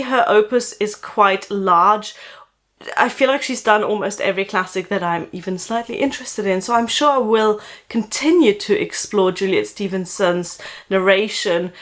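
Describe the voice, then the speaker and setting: A woman with a slight German accent, a book vlogger casually recommending audiobook narrators and pausing often to think. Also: medium pitch. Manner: thoughtful, with frequent "uh" pauses.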